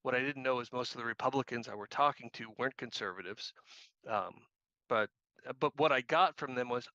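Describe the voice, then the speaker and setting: Bright-voiced man telling a story. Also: mid-range voice, a little fast, dry recording, muffled recording. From Missouri. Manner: anecdotal, self-deprecating, repeats phrases. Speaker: guest, activist trainer. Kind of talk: casual storytelling.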